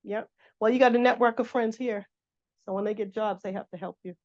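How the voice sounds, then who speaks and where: A woman runs a career workshop in a relaxed, talkative way. She keeps slipping into little acted-out phone calls. The recording sounds dull and lo-fi. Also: mid-range voice, brisk. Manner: chatty, acts out sample phone calls. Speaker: workshop instructor. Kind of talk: casual career workshop talk.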